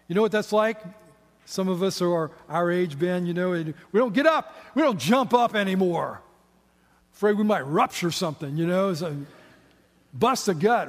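A middle-aged pastor with a high voice delivers a conversational sermon, filled with rhetorical questions and folksy asides. A long reverb carries his words, like the sound of a large church sanctuary or hall.

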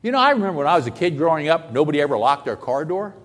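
A man's voice: a little high, big pitch swings, rapid-fire, long reverb tail. A man preaching a sermon as pastor, talking conversationally and putting rhetorical questions to his listeners.

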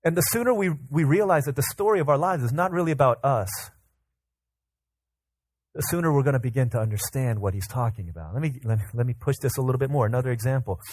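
A man preaching a casual, energetic sermon to a congregation, often repeating and restarting words as he tells everyday examples. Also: mid-range voice, fast, dry recording. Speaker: pastor. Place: church service with congregation.

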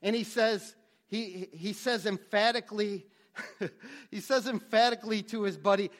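A man with a high voice preaches a sermon. He speaks earnestly and often repeats a word or two as he restarts his phrases. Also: unhurried, a little hiss or hum. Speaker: pastor.

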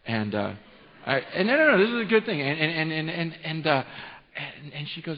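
A man's voice: a little high, expressive, normal speed. A man around forty from California, preaching a sermon as a pastor, telling an emotional story full of restarts. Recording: reverberant hall, dull sound.

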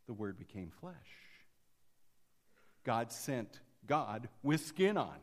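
A pastor preaches a sermon in a fairly high voice. He drops to near-whispers at some points and rises to emphatic calls at others. A long reverb rings around him, like a large church hall. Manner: dynamic, swinging from quiet to emphatic.

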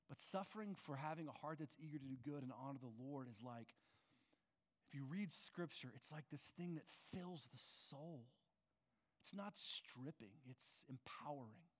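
A man preaching a sermon as pastor, earnest and conversational, often asking his listeners questions. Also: medium pitch. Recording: long reverb of a large hall.

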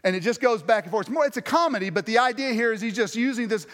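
A male pastor with a drawl delivers an earnest sermon in a fairly high voice. He circles back on his phrases, restarting them to press his point home. His words ring out with the long reverb of a church hall. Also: animated, quick pace, a bit bright.

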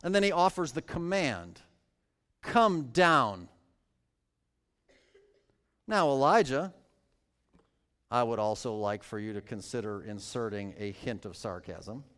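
A man's voice: medium pitch, animated, slow pace, long pauses, fairly bright tone, big-room sound. A man preaching a sermon, reading scripture aloud and then explaining it with joking asides. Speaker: pastor.

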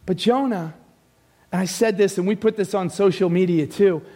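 A man preaching a lively sermon who often shouts, drops suddenly to a hush, and throws questions at the congregation. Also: high voice, moderate pace. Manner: animated preaching, often shouting, sudden swings from loud to hushed; speaks to the congregation with direct questions. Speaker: pastor.

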